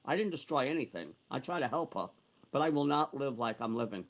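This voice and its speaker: A man's voice: mid-range voice, expressive, a little fast. A man in his sixties ranting angrily and repetitively, cursing often and repeating himself as he tells a grievance. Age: 60s. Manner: heated, repetitive, profane ranting. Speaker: online streamer. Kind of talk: angry ranting monologue.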